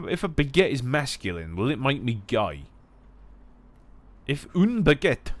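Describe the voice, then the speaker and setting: A young man from England riffs casually while he plays, wandering off topic and joking freely. His voice sits low but his pitch jumps around a lot, often bursting into loud shouty bits. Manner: jokey, rambling, sweary, swings to loud mock-German shouts. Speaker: gaming streamer. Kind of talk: casual chat while gaming.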